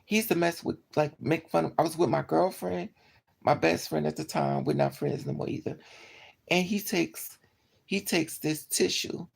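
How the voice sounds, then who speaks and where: A woman casually telling a personal story to her viewers, animated and blunt, with profane slang. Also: moderate pace, creaky, slightly rough. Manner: animated, swings into high yelps for quoted lines.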